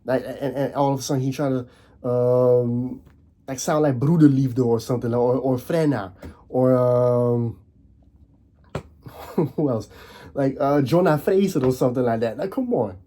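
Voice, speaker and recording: A young man hosting his own channel, ranting casually to camera in a fired-up way, stumbling and repeating words, his voice leaping higher on emphatic points. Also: a little slow, long pauses, dark tone. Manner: frequent restarts and repeated words. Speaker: video host.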